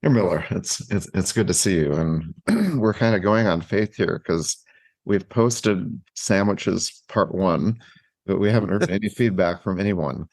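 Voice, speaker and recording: A man co-hosting a casual podcast who talks haltingly, repeats his words and teases his partner. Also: deep voice, lively intonation, a little mellow, breathy edge, no echo. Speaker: podcast co-host.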